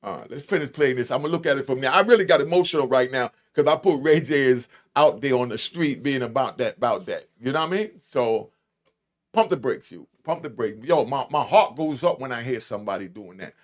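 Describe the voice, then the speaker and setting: A man giving casual reaction commentary on played clips, with a blunt, emphatic streetwise way of talking and drawn-out stresses. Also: mid-range voice, animated.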